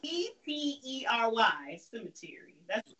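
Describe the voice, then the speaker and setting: A woman's voice: fairly high pitch, big pitch swings, measured pace, pushed and bright. A woman playing along as a contestant in a casual game, laughing a lot. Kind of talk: casual chat. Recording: heard from far off.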